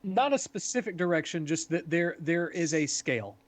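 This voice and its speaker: A man acting as game master, calmly explaining hints and rules to players. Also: fairly high pitch, normal speed. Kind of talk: running a tabletop game.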